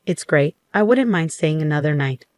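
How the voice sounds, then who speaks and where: A woman's voice: low-pitched, expressive, moderate pace, dry recording, studio quality. A woman voicing a selfish, deceitful husband in an offhand, casual way within a spoken story.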